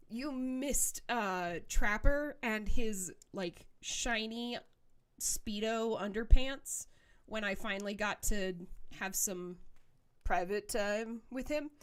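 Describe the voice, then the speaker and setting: A young woman streamer reading a dating game aloud and adding giggly, teasing, sarcastic asides. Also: medium pitch.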